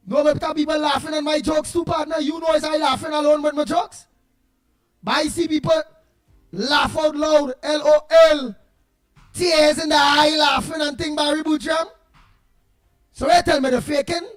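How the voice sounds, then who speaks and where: A Trinidadian man hosting a casual morning talk show, telling jokes in an animated way and greeting listeners by name. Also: extremely high pitch, moderate pace. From Trinidad and Tobago. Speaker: radio show host.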